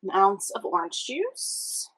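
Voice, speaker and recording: Speaking slowly at a medium pitch, a young Louisiana cooking show host with a clear, bright voice walks the viewer through a relaxed cocktail demo. She chats happily while mixing, seemingly in a home kitchen, and the recording quality is low.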